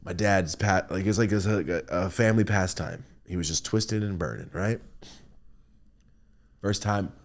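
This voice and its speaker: This podcast host has a low voice and talks a little slowly, recounting loose, profane stories in a casual way. He's animated in the telling and acts out people's words.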